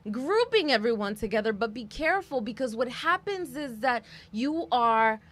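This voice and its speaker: A woman's voice: fairly high pitch, animated, normal speed, fairly bright tone. A woman guest coach in a casual conversation, earnest and cautionary, speaking from experience.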